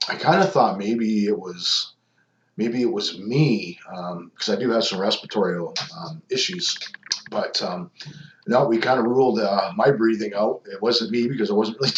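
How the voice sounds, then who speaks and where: Brief: low-pitched male paranormal investigator, rambling casual narration, echoey muffled recording. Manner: rambling, many ums and restarts. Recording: echoey, dull lo-fi sound.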